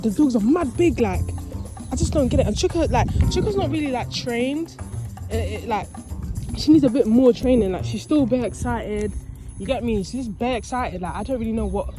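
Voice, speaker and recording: A young woman with a London accent chatting casually in a vlog while walking her puppy outdoors in a park, slang-heavy and laughing nervously, filmed on a handheld phone. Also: medium pitch. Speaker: vlogger. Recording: background music over voice.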